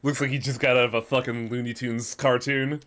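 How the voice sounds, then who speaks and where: A man's voice: mid-range voice, little pitch movement, brisk, fairly bright tone. A man streaming a video game, chatting casually and joking, with a lot of swearing. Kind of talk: casual gameplay commentary. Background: game music.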